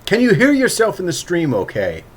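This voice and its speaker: A man's voice: high voice, wildly swooping pitch, normal speed, slight background noise. A man hosting a live stream, chatting casually, laughing often and teasing his guest eagerly. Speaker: streamer hosting a story reading.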